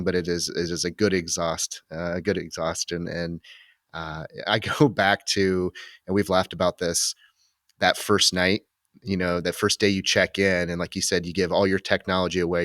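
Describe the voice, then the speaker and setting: A man hosting a podcast, talking in a relaxed and reflective way, with frequent restarts and fillers. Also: sits low, dry recording, studio quality. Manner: reflective, rambling with many restarts. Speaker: podcast host. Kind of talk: casual conversational interview.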